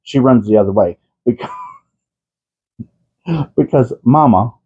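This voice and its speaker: A man's voice: mid-range voice, husky. A man talking to his pet cats in doting baby talk, chatting to viewers at home. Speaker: crafting channel host. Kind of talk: casual chat to pets and viewers. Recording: tinny phone-like audio.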